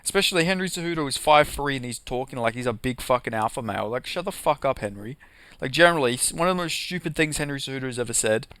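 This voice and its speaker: A man's voice: medium pitch, lively intonation, fast talker, pushed and bright, clean tone, no room sound. A young man doing a casual, profanity-heavy rant about MMA, heated and sarcastic, with lots of "like" and "you know". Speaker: MMA commentary vlogger.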